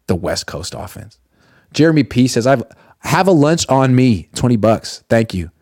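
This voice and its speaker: A man's voice: medium pitch, big pitch swings, moderate pace, darkish tone, dry recording, studio quality. A man hosting a casual sports live stream, reading viewer comments aloud and answering them bluntly, swearing now and then.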